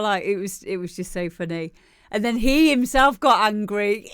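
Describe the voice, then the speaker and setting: A woman's voice: medium pitch, normal speed, smooth, dry recording. A woman hosting a live music demo show, chatting casually and laughing often. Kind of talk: casual live-stream chat.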